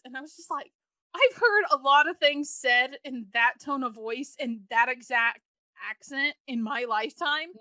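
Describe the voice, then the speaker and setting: A woman co-hosting a podcast, telling stories in an animated, casual way. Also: sits high, normal speed, no echo. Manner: animated storyteller. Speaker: podcast co-host.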